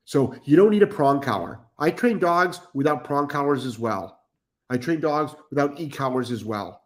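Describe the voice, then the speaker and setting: A man's voice: mid-range voice, animated, normal speed. A middle-aged man hosting a live stream as a dog trainer, blunt and profane, repeating himself for emphasis as he reads chat comments.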